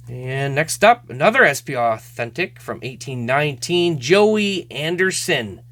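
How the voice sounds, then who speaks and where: A man's voice: fairly high pitch, fairly bright tone. A man hosting a casual card-opening show, chatting, laughing often and stumbling over names. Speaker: host.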